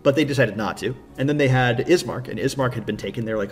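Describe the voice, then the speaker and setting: A man's voice: fairly low pitch, rapid-fire, vocal fry, hardly any pauses, faint music behind. A man acting as a game master, casually recapping his tabletop campaign with enthusiasm and rambling fillers.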